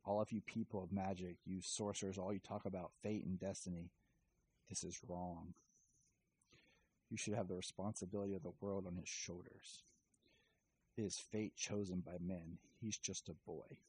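A man's voice: low-pitched, fairly even intonation, normal speed, darkish tone, a little hiss or hum, lightly acted. A man doing an earnest adult superhero. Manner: casual paraphrased retelling.

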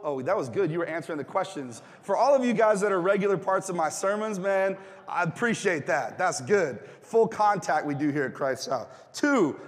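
A fairly high-voiced man preaches to his congregation in a loose, joking way, with filler words, and keeps asking them to answer back. His voice rings out with a long reverb tail from the church hall. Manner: casual, joking, asks the congregation questions. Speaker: pastor. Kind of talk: sermon.

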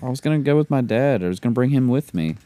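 Man, blunt sarcastic casual talk, swings his pitch a lot, dry sound. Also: animated, rapid-fire, warm tone, no echo. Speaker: podcast co-host. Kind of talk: casual chat.

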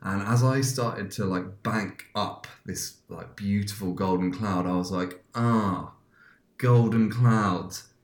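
Podcast host, male, low voice, loose rambling storyteller, echoey room. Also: steady tone, measured pace, hardly any pauses. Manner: rambling, many restarts and fillers. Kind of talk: casual chat, telling a dream. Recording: roomy echo.

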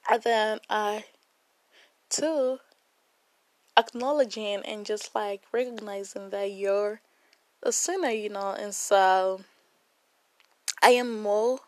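Slow, earnest woman devotional host. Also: medium pitch, no echo. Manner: warm, earnest and emotional, with many fillers and laughs. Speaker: Bible study host. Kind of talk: casual devotional talk to viewers.

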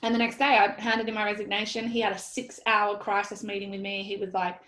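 An Australian woman in her thirties telling a story in an interview, animated and blunt, quoting herself and swearing freely. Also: mid-range voice, fairly quick. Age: 30s. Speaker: guest. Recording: roomy echoey sound.

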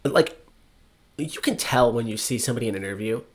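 A man's voice: mid-range voice, expressive, fairly quick, husky. A male podcast co-host in casual banter, wry and teasing. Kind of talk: casual chat.

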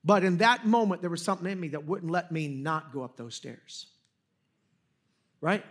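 A man's voice: on the high side, moderate pace, a bit bright. A man preaching a sermon in a conversational, storytelling way, joking at his own expense with frequent restarts. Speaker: pastor.

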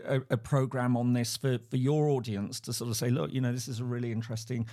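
A man with an English accent chats as a guest on a remote podcast. His voice sits at a middling pitch. He often stumbles and restarts his sentences, and he laughs easily. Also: level tone, quick pace, dark tone. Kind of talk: casual interview talk. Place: at home, remote.

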